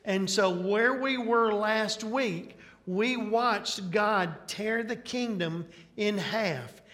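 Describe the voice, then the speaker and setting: Slow, high-voiced Alabama preacher in a reverberant hall. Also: male voice, a bit bright. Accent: Southern US, Alabama. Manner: folksy, checks in with "right?". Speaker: preacher, Bible teacher. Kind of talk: sermon.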